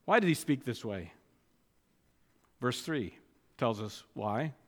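A man preaching an expository sermon, emphatic and stressing key phrases by slowing down. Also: mid-range voice, lively intonation, a bit bright, big-room sound.

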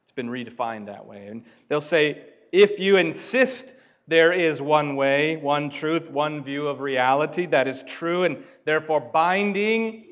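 A man preaching a sermon, deliberate and building to emphatic points. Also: a little high, lively intonation, fairly bright tone, dull audio. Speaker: pastor.

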